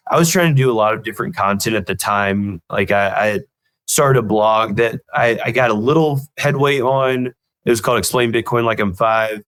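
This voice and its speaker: A man's voice: lowish voice, fairly bright tone, no echo, low-quality recording. A man, a guest telling rambling, self-deprecating stories in an interview. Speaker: guest comedian and show creator. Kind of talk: casual interview storytelling.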